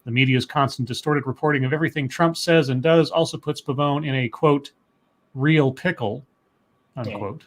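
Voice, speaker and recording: A man's voice: medium pitch, a little fast, hardly any pauses. A man co-hosting a casual livestream, reading news stories aloud and rambling on with chatty asides and fillers.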